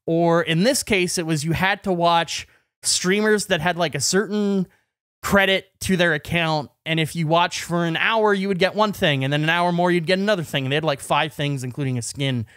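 A man's voice: on the high side, normal speed, a bit bright, no echo, studio quality. A man co-hosting a podcast, telling a long rambling story full of "like" and restarts in casual chat. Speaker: podcast co-host.

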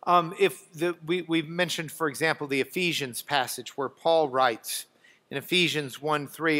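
A man leading a Bible lesson in a bright, fairly high voice. He talks in a chatty, halting way, restarting phrases and dropping dry asides as he works through the text. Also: fairly even intonation. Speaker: Bible class teacher. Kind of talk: classroom lesson with a guest.

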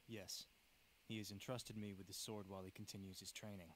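A calm, dutiful young ninja heir, as a man plays him in a game cutscene, with a low voice. His delivery is composed and formal throughout. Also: fairly quick, slight background noise, natural voice. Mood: earnest. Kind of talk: video game cutscene dialogue.

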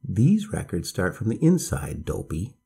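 A man's voice: sits low, huge pitch swings, unhurried, vocal fry, warm tone, slightly rough, exaggerated voice. A man voicing a blunt, proud and impatient six-year-old girl in a storybook reading.

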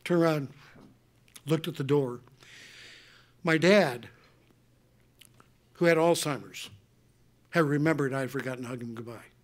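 Older guy, earnest and animated, lots of restarts, kinda high voice, answering a question at a conference. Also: measured pace, long pauses. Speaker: speaker answering audience questions. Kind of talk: emotional personal storytelling. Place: conference hall.

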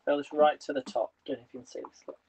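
A man's voice: a little high, little pitch movement, rapid-fire, darkish tone, slight background noise, rough recording. A man hosting a live cooking stream from his home kitchen, chatting with viewers and reading their comments as he cooks.

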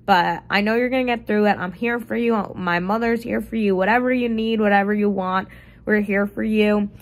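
A woman's voice: medium pitch, steady tone, moderate pace. A woman speaks with punchy, affectionate emphasis in an ordinary mid-range voice, rallying a close friend. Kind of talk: video message to a friend.

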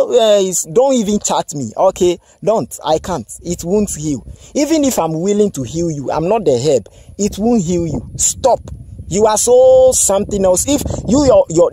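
A man's voice: high voice, warm tone, husky. A man, a self-styled prophet, scolding his listeners and firing off repeated rhetorical questions. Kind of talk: scolding spiritual monologue.

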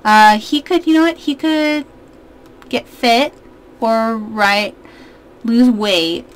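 A woman in her twenties giving casual, excitable let's-play commentary as a gaming YouTuber, chatting to her viewers. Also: on the high side, slow.

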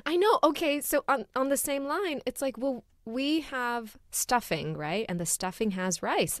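A young adult woman co-hosting a podcast, telling family stories in an animated way and laughing often. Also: high voice, a little slow, hardly any pauses, no room sound, studio quality. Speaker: podcast co-host. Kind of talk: casual chat.

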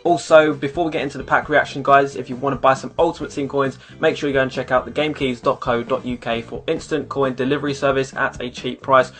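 A man's voice: mid-range voice, little pitch movement, fast, few pauses, fairly bright tone. A man hosting a gaming video, talking casually and upbeat to his viewers. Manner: upbeat, addresses viewers as "guys". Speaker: video compilation host. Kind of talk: casual YouTube intro and outro.

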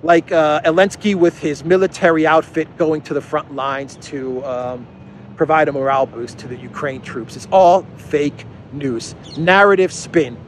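A man's voice: on the high side, steady tone, moderate pace, a little hiss or hum. A man giving opinionated political commentary as host, emphatic and scornful, with frequent fillers and short chuckles.

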